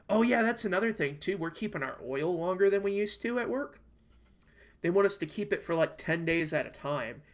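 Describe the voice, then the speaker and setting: A young American man co-hosts a podcast over an online call mic, his high-pitched voice animated and brisk. In casual chat he rambles, swears, and gets worked up telling a story about bad food.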